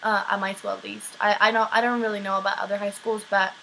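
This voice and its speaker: A Swedish teenage girl with a light accent, an exchange student vlogger, chats casually through viewer questions, peppering her talk with "um" and "like." Her mid-range voice is level, fast, gravelly and sharp. The recording is poor, with slight background noise.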